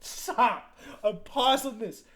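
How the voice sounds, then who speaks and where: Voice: mid-range voice, lively intonation, slow pace, fairly bright tone. A young adult podcast host who retells a movie plot in casual chat, swearing freely, laughing often and acting out the quotes.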